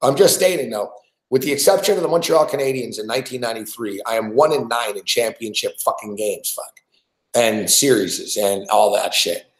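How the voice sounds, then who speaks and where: A man's voice: medium pitch, a little fast. A man rants about a live game, swearing nonstop, with a mid-range voice that sounds worn out and exasperated. His voice carries around a hard, echoey room, and he hosts a casual sports betting show. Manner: swears constantly, frustrated and exasperated, shouting at players. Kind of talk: profane live sports rant.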